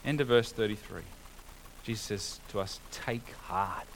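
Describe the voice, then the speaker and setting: A man's voice: on the low side, unhurried, slight background noise, low-quality recording. A man preaching a sermon, earnest and conversational, building to emphatic exhortation with rhetorical questions.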